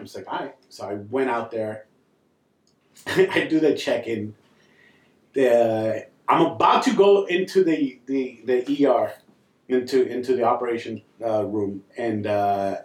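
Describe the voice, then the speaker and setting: A man's voice: mid-range voice, a little slow, breathy edge. A man on a podcast telling a story in casual chat, swearing often and laughing as he acts out what others said. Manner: profane, laughing storyteller acting out quotes. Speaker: podcast co-host.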